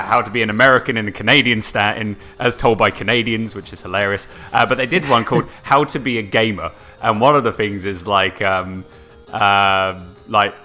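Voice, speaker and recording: A man co-hosting a casual gaming podcast, animated and quick to laugh, acting out quotes in high voices. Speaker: podcast co-host.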